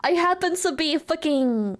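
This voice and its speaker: A woman's voice: high-pitched, expressive, a little slow. A woman from Germany, a native German speaker, chatting casually on stream, ranting animatedly with lots of laughter and swearing.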